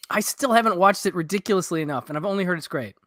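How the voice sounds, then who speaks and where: A man hosting a live stream, chatting in a relaxed, easygoing way and readily agreeing with his guest. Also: sits high, very fast, no echo, studio quality. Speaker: host. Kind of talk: casual chat.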